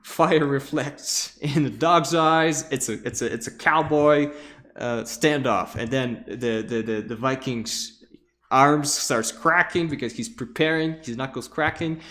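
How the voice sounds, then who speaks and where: Male lecturer, mid-pitched, walks through a storyboard, makes the sound effects himself, stumbles over repeated words. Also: a little slow, a bit bright. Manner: acts out scenes with vocal sound effects; repeats words while searching for them.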